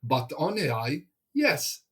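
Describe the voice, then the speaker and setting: A man from Italy, an English speaker, chats as a guest in a hesitant, halting way, full of fillers and restarts. His voice is husky and a little breathy. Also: on the high side, huge pitch swings. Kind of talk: casual conversation.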